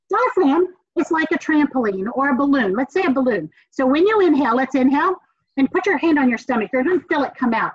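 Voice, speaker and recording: A woman from the Southern United States with a Southern American accent, a communications professor giving an energetic, encouraging classroom lecture with emphatic repetition. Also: high voice, no echo. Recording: dull, dry lo-fi recording.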